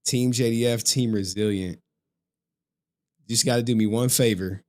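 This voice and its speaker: Male streamer, casual and animated, heavy slang and swearing. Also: mid-range voice, normal speed. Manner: animated, profane, slangy storytelling. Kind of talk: casual livestream chat.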